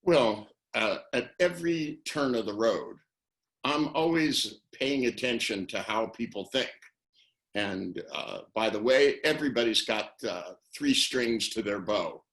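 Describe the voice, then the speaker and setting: A man's voice: mid-range voice, lively intonation, unhurried, a bit bright. An older man on a video call, talking casually and rambling through anecdotes, acting out the phrases he quotes. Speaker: interviewee, NLP trainer. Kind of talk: casual webinar talk.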